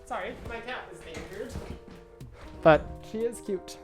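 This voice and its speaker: A giggly woman in casual chat while streaming a story game, her pitch sitting in the middle range. She laughs often between remarks, with soft music faint behind her. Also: a little slow.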